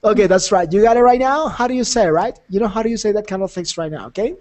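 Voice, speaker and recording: A man's voice: sits high, fast talker, darkish tone. Encouraging male english teacher. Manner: encouraging, repeats himself, laughs often. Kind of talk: casual conversation class.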